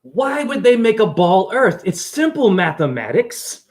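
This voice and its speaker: Man, high voice, excitable, preachy, rambling livestream talk, from his apartment. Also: measured pace. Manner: excitable, preachy, jumps between ideas. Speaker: self-styled spiritual teacher.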